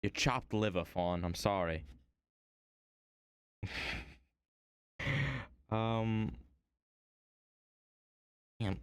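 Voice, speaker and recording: Playful male streamer, lowish voice, slow rambling chat, dry home sound. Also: steady tone, clean tone, no echo. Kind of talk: casual chat while woodcarving.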